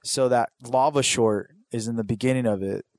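A man's voice: mid-range voice, normal speed, a little mellow, no echo. Foul-mouthed rambling man. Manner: profane, rambling storytelling. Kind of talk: casual podcast chat.

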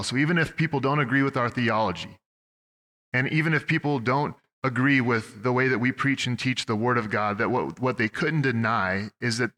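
In a church sanctuary with long hall reverb, a young Oregon-born pastor delivers a sermon, sharing stories in a conversational manner with many restarts. He speaks in a mid-range voice that comes across pushed and bright.

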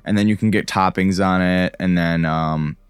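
A man in casual podcast chat, halting and restarting his words, quick to laugh. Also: low voice, fairly even intonation, smooth, no echo.

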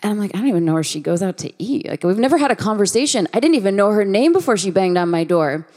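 A woman's voice: mid-range voice, fast. Woman preaching a story-filled sermon. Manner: conversational, lively, acts out quoted voices. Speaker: guest preacher.

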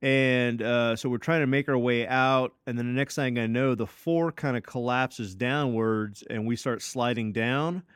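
A man's voice: medium pitch, measured pace, few pauses, smooth, dry recording, studio quality. A man casually telling a long story on a podcast, swearing freely and filling gaps with "uh" and "like". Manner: loose and profane, full of fillers and restarts. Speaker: podcast co-host.

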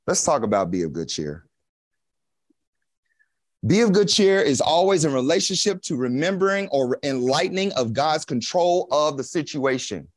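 Male preacher, casual folksy delivery, slightly high voice, dry close sound. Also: big pitch swings, a little slow, long pauses, no room sound. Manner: casual and folksy, with slang and chuckles. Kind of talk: conversational sermon.

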